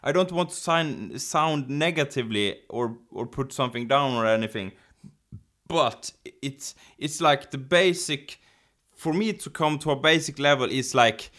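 A man's voice: medium pitch, a little slow, fairly bright tone. A man with a Swedish accent in casual chat, hesitant and searching for English words.

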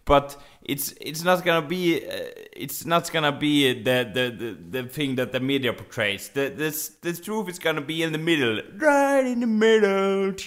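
A man co-hosting a podcast in casual chat, halting and repeating words, laughing often. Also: a little high, fairly bright tone. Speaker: podcast co-host.

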